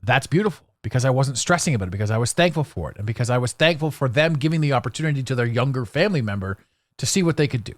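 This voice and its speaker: Animated, blunt male podcast host. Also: mid-range voice, very fast, dry recording. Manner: animated, blunt and sarcastic, with restarts. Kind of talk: solo podcast monologue.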